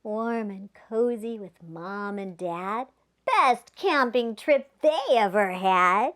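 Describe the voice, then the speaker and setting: A woman reading a rhyming picture book aloud to children, playful, stopping to ask the kids questions and dropping to a whisper at quiet moments. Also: mid-range voice, lively intonation, takes it slowly. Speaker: children's storybook reader.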